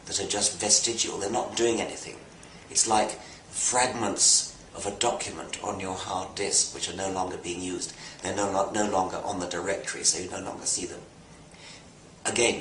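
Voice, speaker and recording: A British man explaining a science topic in an unscripted talk, with some halting restarts between fluent stretches. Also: low voice, fairly bright tone, roomy sound, a little hiss or hum, poor audio. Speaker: guest answering questions.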